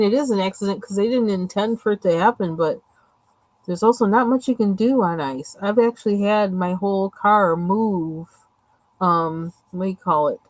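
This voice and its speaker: A woman's voice: mid-range voice, darkish tone, no echo, rough recording. A woman chatting casually and rambling with lots of fillers while she colors on a livestream. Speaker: livestream host.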